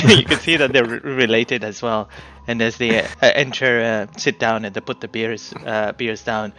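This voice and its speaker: A man narrating a tabletop game scene, describing it in a relaxed way with some fillers. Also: mid-range voice, normal speed, few pauses, soft background music.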